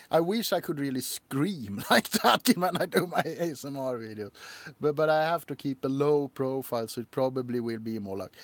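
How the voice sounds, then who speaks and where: With a mid-range, animated voice and no echo, a man chats casually on his livestream about shows and his ASMR characters. The ASMR creator's talk is rambling and slow with halting pauses, broken up by laughter.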